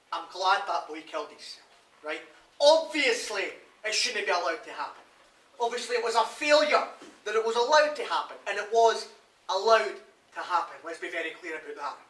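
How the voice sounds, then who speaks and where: An insistent prison officer. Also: male voice, sits high, a bit bright, slight background noise. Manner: emphatic, insistent, addressing an audience. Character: frustrated prison officer who cares. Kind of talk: theatre monologue. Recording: live stage, roomy, from far off.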